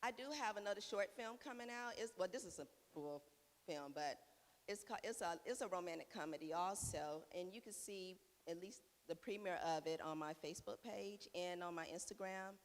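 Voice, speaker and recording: A woman's voice: on the low side, moderate pace. A middle-aged woman, an actress on a premiere panel, speaking plainly with frequent laughs. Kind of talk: casual panel talk. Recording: echoey hall with faint hiss.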